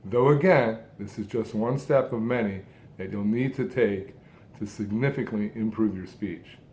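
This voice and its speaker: A man giving an instructional talk, speaking deliberately in short phrases with strong emphasis on key words. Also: on the low side, a little mellow, a little hiss or hum. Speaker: speech coach who stutters.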